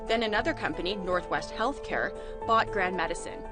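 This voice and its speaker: A woman reporter reads an investigative news script in a measured, matter-of-fact voice. Her pitch sits in the middle for a woman, and faint music plays beneath her narration.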